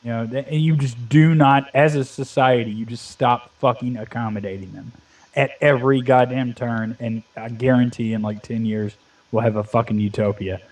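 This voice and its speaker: A man in his twenties spins a crude, cursing story during a casual gaming session. His voice sits at an ordinary middle pitch, and he talks loosely with lots of filler. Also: fairly even intonation, moderate pace, darkish tone. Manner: profane ranting storyteller. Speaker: Minecraft let's play co-host. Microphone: headset or desk mic, volume fading at times.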